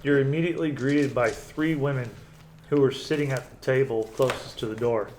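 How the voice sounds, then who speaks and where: A man's voice: medium pitch, fairly quick, a little mellow, slight background noise, poor audio. A man narrating as game master in a tabletop game, casual and stumbling a little over his words.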